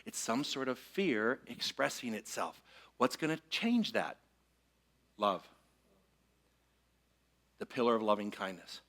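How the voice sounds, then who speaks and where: A man preaching a relaxed, conversational sermon to a live congregation. His voice is bright and forward, and he often pauses to invite the room to repeat a line with him. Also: medium pitch. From Michigan. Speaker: minister. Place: church sanctuary with congregation.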